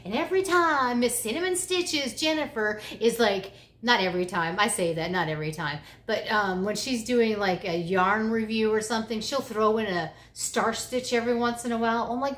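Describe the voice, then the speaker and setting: A grandmother in her fifties chatting casually about crochet, excitable and exclaiming, sometimes dropping to a whisper. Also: on the high side, normal speed, reverberant. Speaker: crochet vlogger. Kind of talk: casual chat. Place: bedroom, indoors.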